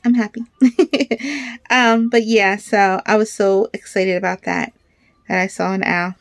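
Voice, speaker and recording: A woman in her thirties chatting casually in a crafting vlog, rambling and excitable, with bursts of animated storytelling. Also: medium pitch, a little slow, dry recording. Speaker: crafter vlogger.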